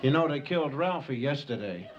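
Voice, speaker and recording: A man voicing a scheming male saber-toothed tiger in a low, drawling, conspiratorial voice, on a hissy home tape. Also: lively intonation, brisk, dull audio, some chatter behind, natural voice. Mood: gossiping.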